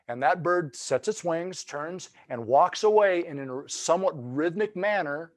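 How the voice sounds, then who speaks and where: A man's voice: on the high side, lively intonation, measured pace, hardly any pauses. A man giving a webinar lesson on turkey hunting, explaining calls in a folksy, loose way with many restarts.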